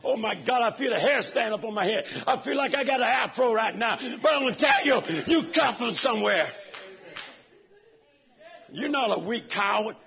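Middle-aged preacher, very high raspy voice, dull lo-fi church recording. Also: male voice, lively intonation, normal speed. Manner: preaches fervently, swinging from soft talk to shouts. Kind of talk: sermon. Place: church sanctuary.

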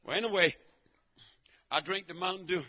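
A man giving a preaching testimony in church, emphatic and repetitive, breaking into shouts. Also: sits high, moderate pace, breathy edge. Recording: dull lo-fi recording.

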